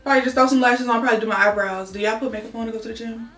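With a fairly high, slightly bright voice, a young woman talks very fast and in a steady tone during a chatty home vlog, speaking directly to viewers. Soft music plays behind her, and the roomy room echoes on the distant mic.

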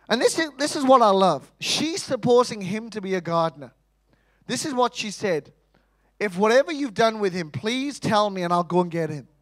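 A man preaching a sermon in church, animated, asking rhetorical questions and acting out quotes. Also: high-pitched.

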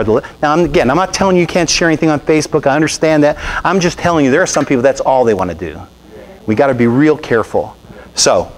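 A man's voice: medium pitch, poor audio. A man pastor giving a conversational sermon at a Bible study, asking his listeners questions and acting out what people say to him. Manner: animated, conversational preaching with asides and rhetorical questions; quotes scripture and acts out other people's remarks.

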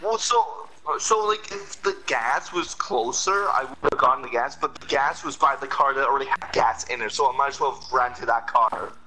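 A young man talking casually while playing a video game, animated and quick to laugh and complain. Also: mid-range voice, a little hiss or hum, poor audio. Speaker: gamer. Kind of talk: casual gameplay chat.

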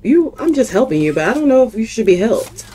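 A woman's voice: fairly high pitch, sing-song, fast, dark tone, husky. A young woman giving casual let's-play commentary, mocking herself and talking to the game and her viewers. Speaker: gaming youtuber.

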